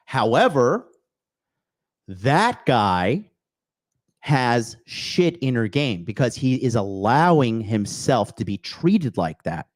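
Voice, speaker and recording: A man's voice: medium pitch, very animated, slow, no room sound. Blunt, swearing man ranting into a dry mic. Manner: blunt, crude, swears often, repeats okay; emphatic bursts, repeating key phrases. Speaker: podcast host. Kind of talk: profane motivational rant with chat replies.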